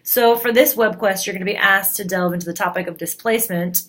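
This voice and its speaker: A woman's voice: medium pitch, a little fast, fairly bright tone. A woman teacher explaining the week's class assignments in a plain, explanatory way with frequent fillers. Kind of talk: recorded class announcement.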